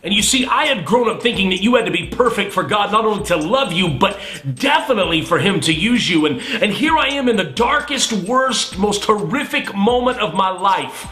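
A man's voice: sits high, expressive, moderate pace, bright, forceful tone. A man who is a minister, giving an impassioned, emphatic testimony sermon. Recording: roomy echo.

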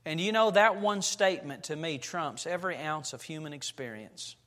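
A pastor preaching a sermon in a church, telling stories and building to loud, emphatic passages. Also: male voice, fairly high pitch, moderate pace. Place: church sanctuary. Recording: long reverb of a church hall.

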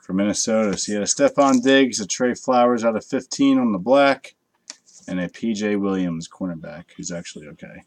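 A man's voice: on the low side, fairly quick. A man hosting a live card break, chatting casually with viewers and swearing freely as he opens packs late at night. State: tired from a long night.

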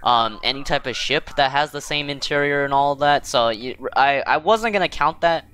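A man's voice: mid-range voice, normal speed, sharp tone, smooth. A man hosting casual gameplay commentary, rambling and self-deprecating, with many fillers and restarts. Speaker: gaming channel host.

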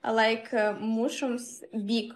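A woman's voice: on the high side, level tone, slow pace. A young woman live streaming, chatting casually with viewers in simple broken English and laughing often.

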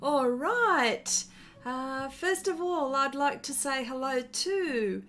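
A woman's voice: high-pitched, expressive, slow, a bit bright. A woman with an Australian accent hosting an art livestream, chatting casually and greeting viewers by name between many fillers.

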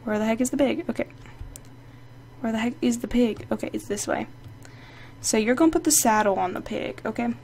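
A woman hosting her own gaming channel, giving casual, excitable, playfully sassy commentary while she plays. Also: on the high side, brisk, vocal fry, long pauses, slight background noise. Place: indoor home setup. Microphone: desk microphone.

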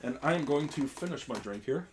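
A man's voice: medium pitch, animated, brisk, a little hiss or hum. A young man hosting a casual podcast chat, rambling with lots of ums and laughs while drinking beer. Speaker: podcast host.

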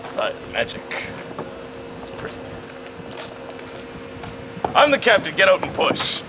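A blustering one-eyed pirate captain, acted by a man who speaks high and gravelly, his voice leaping around as he shouts orders. Traffic and street noise sit loud under the recording, outdoors. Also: wildly swooping pitch, a little slow, heavily acted. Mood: bossy.

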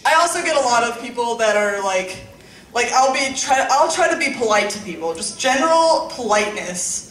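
A woman's voice: fairly high pitch, lively intonation, normal speed, fairly bright tone, recorded from a distance, a little hiss or hum. A young woman performing a casual, profane stand-up set in a small club, with laughing asides. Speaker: stand-up comic. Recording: echoey club room, faint ambience.

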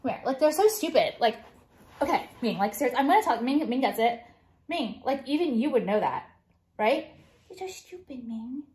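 A woman's voice: sits high, lively intonation, brisk, darkish tone. A woman vlogger venting to her viewers in a profane, combative rant full of fillers. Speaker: jewelry brand owner and vlogger.

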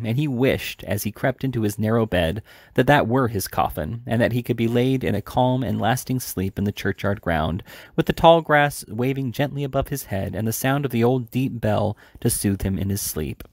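A man reading a classic novel aloud in a measured, deliberate way, with occasional restarts. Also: mid-range voice, a little mellow, no echo, clean studio sound. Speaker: audiobook reader.

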